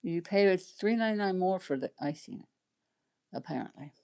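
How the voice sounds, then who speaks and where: A woman's voice: lowish voice, expressive, normal speed, a little mellow. A middle-aged woman chatting casually on her livestream, rambling and laughing often. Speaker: livestream host chatting with viewers.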